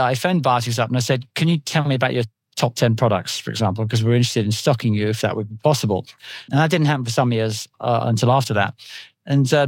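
Fast-talking British man on a podcast. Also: mid-range voice, no echo. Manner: rambling, anecdotal explanations. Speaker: nutritional therapist guest. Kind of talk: podcast interview.

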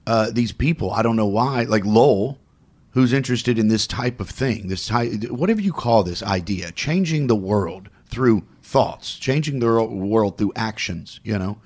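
A man's voice: fairly low pitch, normal speed. A man co-hosting a casual podcast, telling a story and acting out the voices of the people in it. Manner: animated, acts out voices in his stories. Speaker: podcast co-host.

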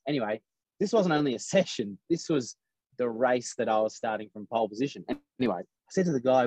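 A man's voice: medium pitch, quick pace, no room sound, rough recording. A man tells a racing story in casual podcast chat, acting out what others said. The sound is dry and close, with no room around it. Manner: animated storyteller acting out quotes. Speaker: race driver guest.

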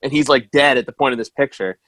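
A man's voice: medium pitch, fast talker, no echo. Guy chatting with friends, acts out quotes, dry sound, middle voice. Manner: animated storytelling, acts out quotes with shouts. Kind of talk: casual chat.

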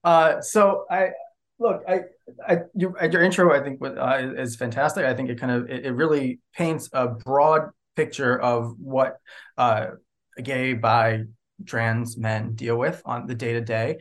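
A man who works as a clinical social worker speaks as a podcast guest in an ordinary mid-range voice. He explains things reflectively, thinking aloud as he goes. He keeps an easy, relaxed manner and laughs readily. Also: mid-range voice, unhurried. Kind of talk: casual podcast interview.

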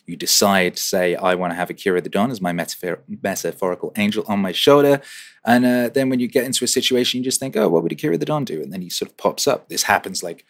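A man's voice: lowish voice, quick pace. A man hosting a weekly question-and-answer livestream, chatting casually, swearing and repeating phrases for rhythm. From England.

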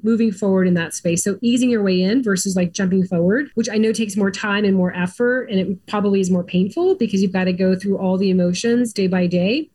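A woman's voice: mid-range voice, brisk, hardly any pauses, dark tone. A middle-aged woman, a podcast guest, telling her story in a casual, chatty way full of "like" and "um". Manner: chatty, many "like" and "um" fillers.

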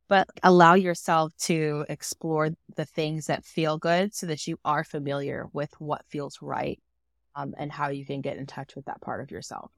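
A woman's voice: low-pitched, steady tone, normal speed, creaky, no room sound, studio quality. A woman co-hosting a casual podcast chat, reflective and wry, dropping joking asides. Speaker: podcast co-host.

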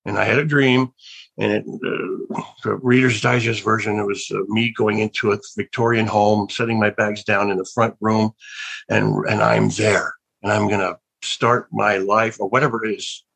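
A man's voice: lowish voice, level tone, moderate pace, vocal fry, a bit bright, breathy edge, poor audio. An older man, an actor being interviewed, telling wandering stories with many restarts and a musing, reflective tone. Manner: rambling, with many restarts and trailing thoughts; wondering, reflective. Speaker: actor and guest. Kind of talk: casual interview storytelling.

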